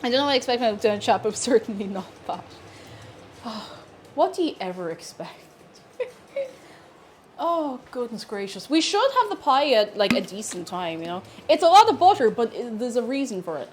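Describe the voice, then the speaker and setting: A woman's voice: on the high side, expressive, normal speed, slight background noise. Playful woman chatting while cooking. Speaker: streamer cooking live. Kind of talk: casual cooking stream chat.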